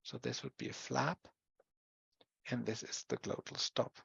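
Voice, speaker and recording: University lecturer, measured explanatory delivery, muffled dry recording. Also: medium pitch, level tone, gravelly, fairly bright tone, slightly rough, no echo. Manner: explanatory, with pauses and self-corrections.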